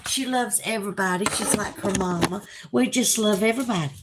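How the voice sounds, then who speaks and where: A woman's voice: mid-range voice, a little fast, noisy background. A woman with a Southern US accent, hosting a casual livestream and reading viewers' comments aloud in a chatty, drawling way. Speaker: livestream host reading chat.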